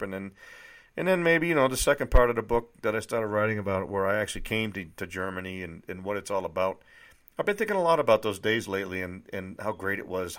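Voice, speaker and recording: A man's voice: fairly low pitch, a bit bright. Man in his 30s from New Hampshire, a bit nasal, loose rambling delivery, amateur author reading aloud. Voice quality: slightly nasal. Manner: rambling, many fillers and restarts. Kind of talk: casual monologue and reading aloud. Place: dry indoor room.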